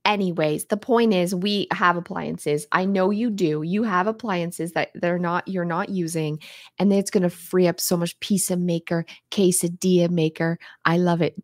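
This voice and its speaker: A woman's voice: on the low side, fairly even intonation, moderate pace, dry recording, clean studio sound. A woman hosting a decluttering livestream, chatting casually and reading viewer comments in a playful, frank way.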